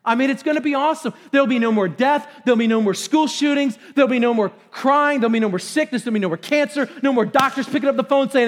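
A man preaching a sermon in a church, excitable, bursting into shouts and then pulling himself back in. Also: extremely high pitch, fast talker. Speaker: pastor. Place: church sanctuary.

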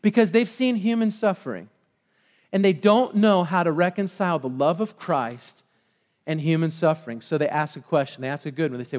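A man's voice: on the high side, fairly quick. A male pastor preaching a sermon, quizzing his congregation in call-and-response. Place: church sanctuary. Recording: long reverb of a large hall.

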